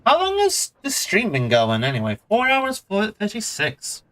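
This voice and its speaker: A man streaming a relaxed game, chatting in a rambling, playful, self-mocking way. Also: sits high, a little slow, poor audio. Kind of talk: casual gameplay commentary.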